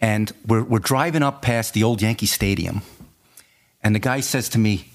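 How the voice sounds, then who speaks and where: A man, a former detective, telling a case story in casual chat, animated and often repeating his words. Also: lowish voice, moderate pace.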